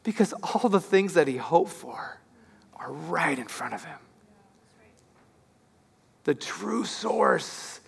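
A man preaching an Easter sermon as pastor, telling the story with lively acted-out voices and swinging between hushed and loud. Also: fairly high pitch, slow, vocal fry, pauses often, in a large hall.

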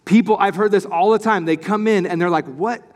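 High-pitched guy preaching, animated and excited, big echoey church hall. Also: fast talker. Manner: animated, acts out quoted voices, excited. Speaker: pastor. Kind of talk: sermon.

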